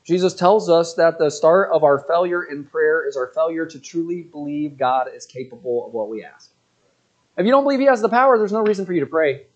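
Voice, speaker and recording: A man's voice: a little high, expressive, a little fast. A man in his thirties giving a casual, rambling sermon, full of fillers and joking asides. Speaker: pastor.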